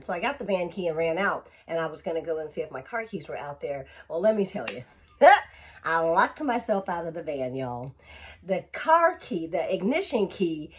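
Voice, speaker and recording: A woman vlogger telling an animated, emphatic storytime, on a dull lo-fi recording. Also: mid-range voice, husky. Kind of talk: storytime vlog.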